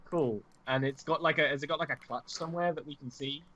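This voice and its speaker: A man playing a tabletop game, rambling with lots of fillers and jumpy pitch. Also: quick pace, bright, forceful tone. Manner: rambling, full of likes, sudden pitch jumps. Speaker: player. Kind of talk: casual tabletop chat.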